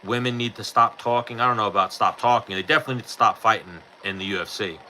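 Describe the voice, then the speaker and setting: Host, thirties; lowish, piercingly bright voice, blunt and profane, faint hiss behind. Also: male voice, fast talker, rough recording. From New York. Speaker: podcast host answering live chat. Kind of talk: casual chat.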